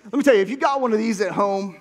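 A man preaching a sermon, telling a story and building to shouted exhortation. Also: high voice, racing, big-room sound. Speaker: pastor.

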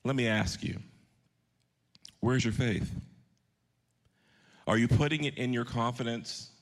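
Earnest pastor telling a personal story. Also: male voice, medium pitch, slow. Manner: storytelling with direct questions to the congregation; earnest, shifting pace for emphasis. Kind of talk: sermon.

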